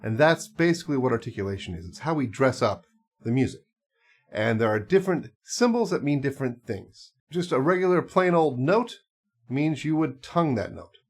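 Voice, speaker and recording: Guy teaching clarinet, laid back, lots of uh's and little asides, middle pitch. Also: moderate pace. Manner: relaxed, explains with asides and fillers. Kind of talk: casual instructional talk.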